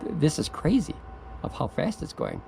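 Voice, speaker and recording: Gravelly man rambling excitedly outdoors. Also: a little high, moderate pace, soft background music, rough recording. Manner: rambling, stammering, gets giddy and laughs. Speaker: product reviewer. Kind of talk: excited off-the-cuff video review.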